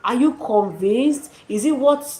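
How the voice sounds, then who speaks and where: A woman's voice: a little high, animated, unhurried, dark tone. A woman giving her viewers casual, preachy motivational advice and calling them dearies. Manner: encouraging, preachy, addresses viewers as dearies and sis. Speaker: YouTube channel host. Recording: echoey room with faint noise.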